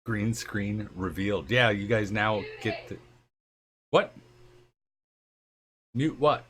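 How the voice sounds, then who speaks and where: A man's voice: lowish voice, takes it slowly, a bit bright. A man hosting a live stream, asking his guest questions in an easygoing way and laughing often. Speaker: stream host. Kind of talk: casual interview on a live stream. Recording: faint background noise.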